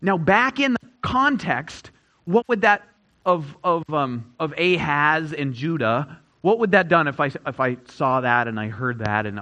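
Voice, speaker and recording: A man delivers a sermon in a fairly high voice. He stresses his main points by repeating them, rising loud and then falling to a hush. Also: expressive, a little slow, low-quality recording. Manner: emphatic, repeats key phrases, swings between loud and hushed. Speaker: pastor.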